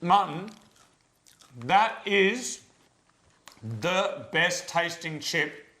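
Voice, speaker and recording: A man's voice: sits high, drawn-out words, bright, forceful tone. A man co-hosting a casual chat in a playful, exclamatory way. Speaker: co-host.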